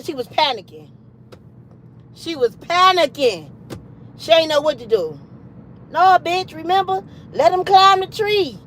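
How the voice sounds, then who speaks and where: High-pitched, animated, foul-mouthed woman. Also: a little slow, a little hiss or hum, rough recording. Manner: animated, profane, emphatic storytelling. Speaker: livestream host. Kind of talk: storytime on a livestream.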